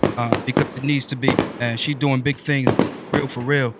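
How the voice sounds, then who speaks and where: A man's voice: medium pitch, little pitch movement, moderate pace, loud music behind the voice. A man hosting his own show, giving a folksy, preachy motivational talk with playful asides. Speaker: show host. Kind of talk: motivational monologue.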